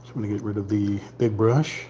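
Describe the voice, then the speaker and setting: A man giving casual running commentary while painting on a live stream. He mutters quietly to himself and thinks aloud as he works. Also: on the low side, fairly even intonation, a little fast, slight background noise.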